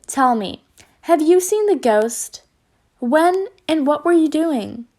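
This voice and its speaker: Self-assured male mouse sleuth, read by a woman, brisk and reassuring, high voice. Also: lively intonation, a little mellow, full character voice. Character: confident male mouse detective.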